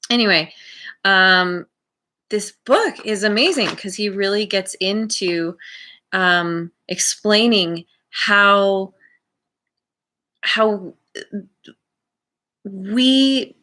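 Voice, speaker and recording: Woman doing a slow rambly tarot reading, bright voice, keeps restarting her sentences. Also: medium pitch. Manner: slow, musing, with many restarts. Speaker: tarot reader.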